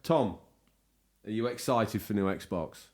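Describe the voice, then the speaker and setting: A man's voice: lowish voice, animated, normal speed, darkish tone. A man co-hosting a casual gaming podcast, teasing his co-host and slipping into hammy voice impressions. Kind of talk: jokey casual podcast chat.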